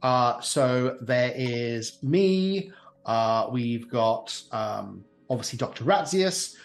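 A man's voice: medium pitch, animated, slow, faint music behind. A man voicing a nervous captive male elf who rambles and hesitates. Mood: hesitant.

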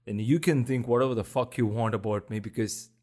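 A man with a deep voice hosting a solo podcast, ranting bluntly and swearing heavily for emphasis. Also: steady tone, fairly quick, darkish tone. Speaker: podcast host. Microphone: podcast mic.

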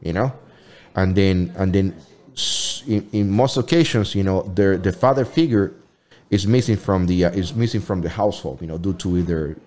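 Brief: male host, lowish voice, rambling, hesitant casual talk. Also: a little mellow. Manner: rambling, halting, lots of "you know".

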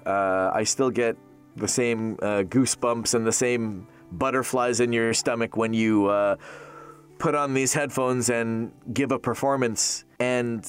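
A man in his thirties who works as a voice actor, chatting casually in an interview, animated and jokey, laughing often. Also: mid-range voice, a little slow, smooth, soft background music.

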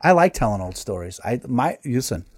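A man spins a rambling, profane yarn as host of a casual talk show. He's animated and laughs often as he talks. His voice sits at an ordinary middle pitch. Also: fairly quick. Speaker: podcast host. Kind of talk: casual storytelling chat.

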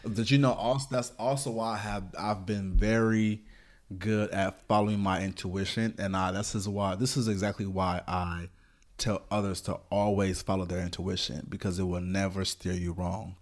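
A man's voice: low voice, little pitch movement, moderate pace. A man co-hosting a podcast, talking in a laid-back, affirming way. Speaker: podcast co-host. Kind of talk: casual conversation.

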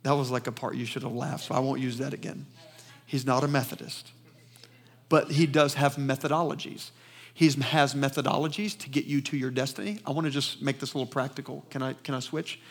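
A man with a Southern US accent preaching a sermon in a church, emphatic and fast-talking, calling out for responses from the congregation. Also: medium pitch. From Southern United States. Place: church sanctuary.

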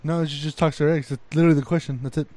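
A man's voice: fairly high pitch, racing, dry recording. Dry-voiced young man telling stories. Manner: animated storyteller, swears freely, says "bro" a lot. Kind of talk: casual chat.

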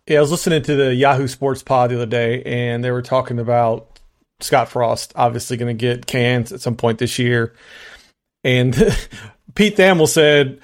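A man's voice: medium pitch, steady tone, normal speed. A man co-hosting a casual sports podcast, giving firm opinions in a conversational way. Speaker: podcast co-host.

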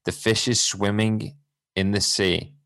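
A man's voice: fairly low pitch, flat delivery, a little slow, fairly bright tone. A man co-hosting a faith podcast, talking in a reflective, preachy way with many restarts. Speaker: podcast co-host.

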